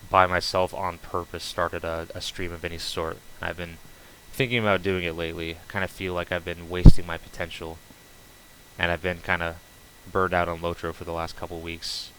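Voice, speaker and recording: A man's voice: sits low, level tone, brisk, pushed and bright, slight background noise, rough recording. A man casually chatting while streaming a game, rambling loosely with many fillers and restarts. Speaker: streamer building on a game server.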